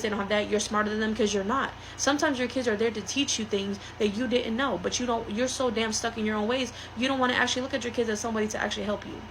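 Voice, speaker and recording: A woman's voice: medium pitch, creaky, slight background noise. A woman giving a blunt, heated monologue to her viewers, speaking her mind. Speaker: vlogger. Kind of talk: opinionated monologue to camera.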